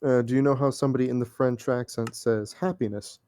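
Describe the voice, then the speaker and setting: A man's voice: mid-range voice, fairly even intonation, fairly quick, mellow. A man bantering and cracking jokes with a friend during a game. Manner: joking, teasing. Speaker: co-player. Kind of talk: casual gaming banter.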